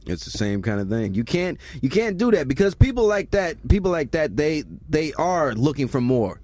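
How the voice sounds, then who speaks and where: Lively laid-back man in chat. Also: a little high, moderate pace, no room sound. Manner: lots of agreeing backchannel, laid-back. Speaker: podcast co-host. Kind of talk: casual chat.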